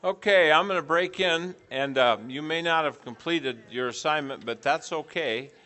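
A man's voice: a little high, normal speed, sharp tone. A middle-aged man teaching a preaching class, putting questions to the group and repeating back their answers.

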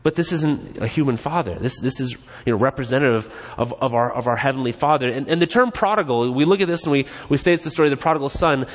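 A man's voice: mid-range voice, quick pace, hardly any pauses. Man preaching in a reverberant church. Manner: casual, joking, animated. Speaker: pastor. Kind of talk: conversational sermon. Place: church sanctuary. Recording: long reverb in a church hall.

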